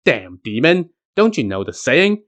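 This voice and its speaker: A man's voice: mid-range voice, very animated, unhurried, fairly bright tone, muffled recording. A man voicing a cocky male monkey warrior who mocks and taunts his foe. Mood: taunting. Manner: mocking, brash.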